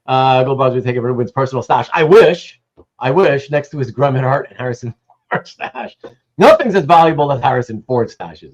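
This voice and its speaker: A Canadian man with a high-pitched voice hosts a laid-back livestream, rambling, swearing casually, and greeting chat viewers by name. The recording sounds muffled.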